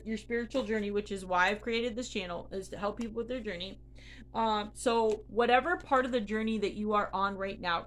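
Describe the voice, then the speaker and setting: A woman's voice: a little high, bright, forceful tone. A woman tarot reader speaking earnestly and encouragingly, reading a card's meaning and then chatting about her spiritual journey with many fillers. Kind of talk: spiritual card reading and casual talk.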